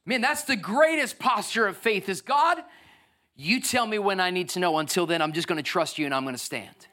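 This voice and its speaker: A man in his thirties preaching a lively sermon as pastor, acting out voices and swinging from loud bursts to soft, tearful moments. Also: high voice, a little fast. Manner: energetic, acts out voices, swings from shouting to near tears.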